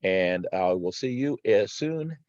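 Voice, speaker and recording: A man with a lowish voice gives casual commentary over slides for his crypto channel. He talks in a halting way, often stopping, restarting and filling gaps with "uh". The sound is dry and a little dull, like a modest home mic. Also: lively intonation, a little mellow, no echo. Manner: halting, with many "uh" fillers and restarts. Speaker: crypto video host.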